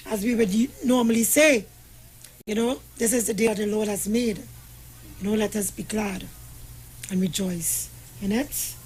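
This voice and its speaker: A woman's voice: on the high side, slightly rough, rough recording. A woman hosting a radio talk show, upbeat and teasing her co-host, with churchy sayings.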